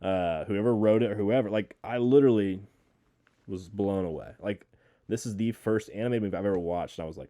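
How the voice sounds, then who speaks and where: A man with a lowish voice co-hosts a casual movie podcast, talking in an excitable, chatty way. He is recorded dry and close, with no room sound. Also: fairly quick, no room sound. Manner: excitable, quotes scenes in raised voices. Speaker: podcast co-host. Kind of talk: casual movie review chat.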